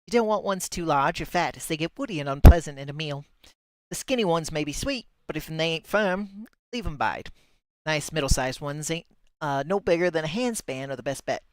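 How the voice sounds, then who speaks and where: A man's voice: expressive, fairly quick, clear, resonant tone, no echo, natural voice. A man voicing a young woman in a storybook, using a shaky attempted Cockney accent. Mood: instructive. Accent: attempted Cockney, drifting. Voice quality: higher register, wavering put-on accent. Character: young market woman giving advice.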